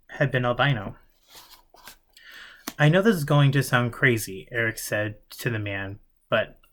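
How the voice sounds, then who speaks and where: A man in a middle pitch reading a novel aloud, steady narration broken now and then by slips he fixes on the spot. It sounds like an amateur audiobook reading. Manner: occasional slips and self-corrections. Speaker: audiobook reader.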